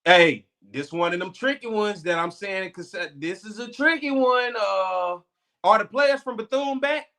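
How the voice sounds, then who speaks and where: Excitable guy on a sports chat show, high bright voice, animated banter. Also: measured pace.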